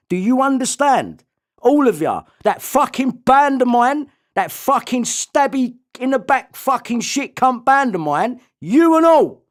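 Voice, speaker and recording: A man tears into an angry rant, voice pitched very high for a man. He swears constantly and breaks into shouted threats.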